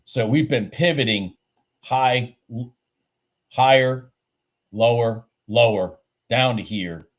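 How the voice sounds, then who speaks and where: A man giving casual live trading commentary, excitable and thinking aloud with frequent restarts. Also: medium pitch, slow, pauses often. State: a bit out of breath. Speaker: livestream day trader.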